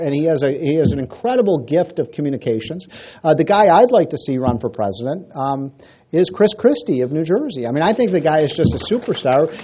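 A man's voice: a little high, dull audio, slight background noise. A man giving a casual, rambling political talk to a crowd, telling jokes and stories. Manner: rambling, animated storyteller with restarts.

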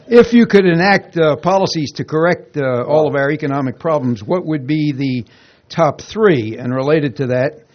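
A man in the audience asking a long question with many pauses and fillers. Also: a little high, muffled recording.

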